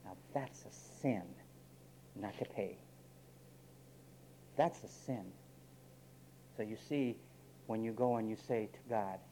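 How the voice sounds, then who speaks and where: A male pastor preaching a sermon, blunt and direct, swinging between loud high bursts and low quiet asides and putting questions to his congregation. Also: unhurried, long pauses, a little hiss or hum, low-quality recording.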